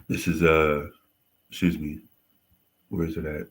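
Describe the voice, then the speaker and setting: A man hosting a casual livestream history lesson, halting and often correcting himself. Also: extremely low pitch, level tone. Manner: halting, frequent self-corrections and apologies. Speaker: host teaching history on a livestream.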